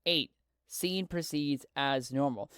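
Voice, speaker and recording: A man's voice: on the high side, takes it slowly, fairly bright tone, clear, resonant tone, no room sound. A man narrating and running a solo tabletop game in a casual, rambling way, often restarting his sentences.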